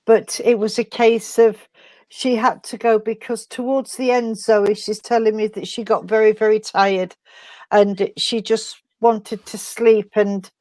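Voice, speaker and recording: A woman giving an emotional mediumship reading, speaking in a halting, tender way and calling the listener sweetheart. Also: a little high, a little mellow, no echo. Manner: halting, tender, full of endearments. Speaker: spiritualist medium.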